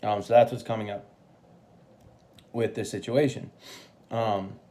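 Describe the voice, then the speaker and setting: A man's voice: fairly low pitch, fairly even intonation, measured pace, mellow. A man giving a casual tarot reading, swearing freely and checking in with "right?" often. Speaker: tarot reader.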